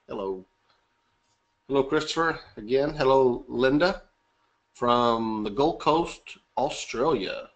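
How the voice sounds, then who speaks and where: A man's voice: mid-range voice, animated, moderate pace. A man hosting a live webinar, chatty and upbeat, greeting attendees by name and joking. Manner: upbeat, chatty, reading names aloud and joking. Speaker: webinar host.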